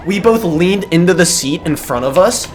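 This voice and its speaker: A man casually telling a personal story in an animated, self-deprecating way, swearing freely. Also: high-pitched, normal speed, faint music behind.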